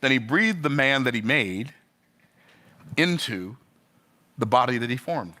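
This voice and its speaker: A man's voice: animated, unhurried, background noise. A man preaching a sermon, asking the listener questions and swinging his voice up and down. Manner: rhythmic preaching, rising and falling in pitch.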